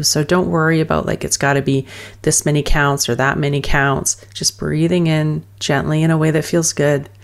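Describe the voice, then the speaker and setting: A woman coach teaching a calming breathing practice in a soothing, loose, filler-heavy way. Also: deep voice. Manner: soothing, speaks in loose fragments with many fillers. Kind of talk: guided wellness teaching.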